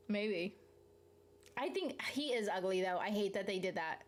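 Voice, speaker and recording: Animated but measured in pace, this medium-pitched woman from the Southern United States reads viewer comments on a live stream and rambles through her replies. She chats casually, swears freely, and laughs in the middle of sentences.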